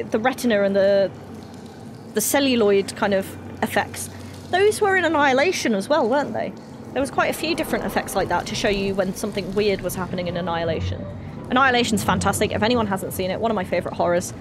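A woman streaming a horror game, chatting excitably with her viewers and swearing freely. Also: mid-range voice, slight background noise.

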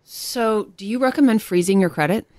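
A woman's voice: mid-range voice, moderate pace, darkish tone, no room sound. A woman hosting a finance podcast interview, explaining terms to listeners and asking her guest direct questions. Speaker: podcast host.

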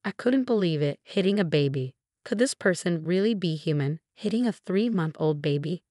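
Woman narrating a story, lowish voice. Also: lively intonation, normal speed, dark tone, dry recording, studio quality. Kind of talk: first-person story narration.

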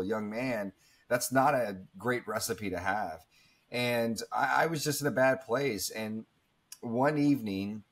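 A man in his thirties, telling a personal story in an interview in an earnest, reflective way, with many fillers and restarts. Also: on the low side. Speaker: guest speaker.

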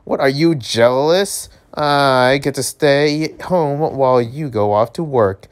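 A man voicing a calm, matter-of-fact young husband in a webtoon. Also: mid-range voice, slow pace, clear, resonant tone, natural voice. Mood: teasing. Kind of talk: reading a webtoon aloud.

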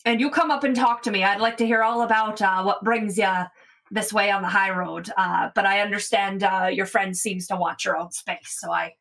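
A woman voicing a friendly male human bartender who welcomes the heroes warmly. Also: medium pitch, fairly even intonation, normal speed, vocal fry, recorded from a distance. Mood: welcoming. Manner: hearty, welcoming, hesitant restarts.

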